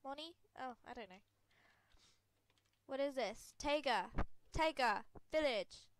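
Woman, stuffy and sniffly from a cold, higher voice, giggly rambling game commentary. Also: lively intonation, slow pace, a little hiss or hum. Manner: giggly, rambling, self-deprecating. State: ill, congested and sniffly. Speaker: gaming video creator. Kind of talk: casual gameplay commentary.

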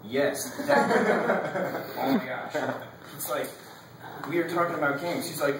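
A man's voice: fairly high pitch, animated, a little slow, very echoey, distant mic, noisy background. A young man giving a casual class speech. He rambles, fills his talk with "like" and laughs between his points.

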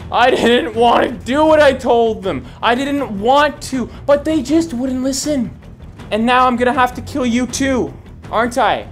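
A man giving jokey, rambling gameplay commentary who breaks into panicked shouts. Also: very high voice, animated, moderate pace, faint music behind. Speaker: VR gaming YouTuber.

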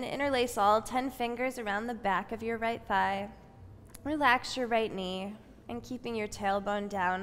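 Slow, soothing woman guiding yoga. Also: mid-range voice, slight background noise. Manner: calm, soothing, unhurried cues. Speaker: yoga instructor. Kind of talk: guided yoga class instruction. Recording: long reverb from a spacious room.

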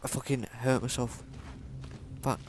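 A man giving let's-play commentary, swearing constantly and yelling at enemies in the game. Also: on the low side, unhurried, background noise. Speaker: gameplay commentator.

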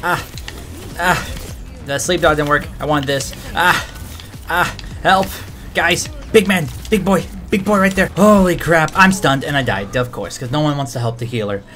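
A man giving excitable let's-play commentary, trash-talking and breaking into shouted outbursts. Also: fairly high pitch, normal speed, soft background music. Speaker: gamer and video creator.

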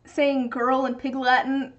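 A young woman with a high, bright-sounding voice chats casually while she crafts on a livestream. She rambles and muses aloud between tasks. The audio is slightly muffled and dull. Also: level tone, measured pace. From United States. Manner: rambling, musing aloud, reading chat.

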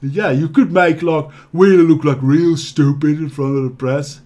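A man plays a male half-orc adventurer from a video game in his plain voice, casual and a bit hesitant, pitched slightly high. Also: fairly even intonation, moderate pace, dark tone, natural voice.

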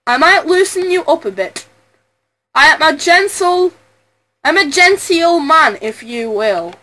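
A woman's voice: high voice, expressive, measured pace, bright, forceful tone, exaggerated voice, rough recording. A woman voicing a smug, pompous male prosecutor who talks down to others.

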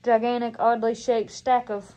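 A woman's voice: a little high, little pitch movement, moderate pace, warm tone. A young woman with a Southern Appalachian accent, chatting casually in a family vlog at home. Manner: chatty, rambling, says "like" often. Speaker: vlogger. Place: family house, kitchen.

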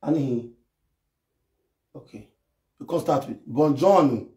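A man doing a comic live-stream rant, excitable and mocking as he acts out imagined scenes. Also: a little high, normal speed. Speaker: comedy live video host. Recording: echoey room.

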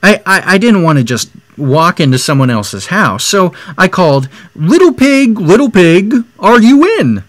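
Man doing a sly storybook wolf, innocent-sounding, self-justifying, stammering, lively pitch. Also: a little slow, hardly any pauses, no room sound. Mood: earnest. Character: sly male wolf telling his side, innocent-sounding.

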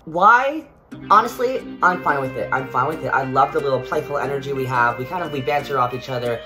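Dramatic young man vlogging, lively swings. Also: medium pitch, brisk, faint music behind. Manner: dramatic, mock-serious, swings from loud to hushed. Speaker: comedy vlogger. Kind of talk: comedic vlog monologue. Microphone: phone.

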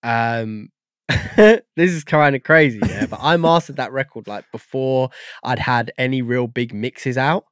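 A man's voice: mid-range voice, a little slow, clean tone, dry recording, clean studio sound. A man, a guest on a podcast, talking in a rambling, casual way and searching for words with lots of fillers. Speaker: guest audio engineer.

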